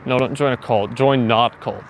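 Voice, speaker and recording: A man's voice: medium pitch, fairly even intonation, moderate pace, slight background noise. A man hosting a casual morning live stream from a walk outdoors, joking playfully and answering viewers' comments. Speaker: livestream host.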